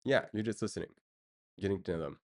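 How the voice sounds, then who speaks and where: A man chats casually on a stream in a slightly low voice. He rambles with many fillers and breaks into chuckles now and then. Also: expressive, fast talker, a little mellow. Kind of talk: casual chat.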